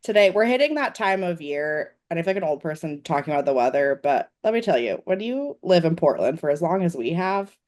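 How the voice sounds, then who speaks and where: A woman from the States co-hosting a podcast in a relaxed, wry way, with short supportive replies. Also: lowish voice, a little fast, hardly any pauses. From United States. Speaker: podcast co-host. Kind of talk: casual chat. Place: Portland, United States.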